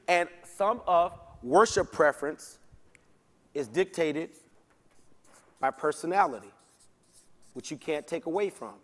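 A man's slightly high voice echoes through a church sanctuary as he leads Bible study at a normal speed. As pastor he sounds relaxed and folksy, using casual slang and regularly checking in with listeners.

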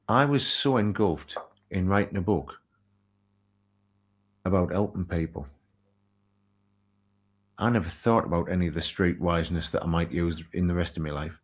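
A low-voiced man, an author and speaker, recounts a story in an interview at normal speed, leaving long pauses. He makes it lively and performs the dialogue.

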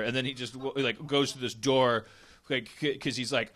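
A man's voice: medium pitch, fairly even intonation, a little fast, pushed and bright. A man hosting a comedy podcast, rambling through a made-up movie plot with constant restarts. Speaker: podcast host. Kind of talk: casual comedy riffing.

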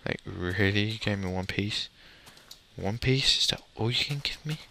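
A man's voice: on the low side, normal speed, sharp tone. A young man giving casual, rambling commentary while playing a building game, muttering to himself and swearing mildly. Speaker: gamer commentator.

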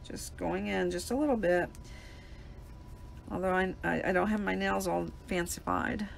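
A woman's voice: fairly low pitch, measured pace, vocal fry, a little hiss or hum. A woman hosting a live paper crafting demonstration, chatting and explaining each step as she works at a desk mic.

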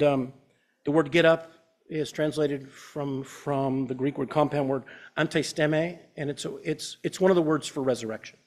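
Male pastor, fifties, preaching in a church with an earnest, chatty storytelling manner and a slightly higher voice. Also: darkish tone. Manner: earnest, conversational, personal storytelling. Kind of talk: sermon.

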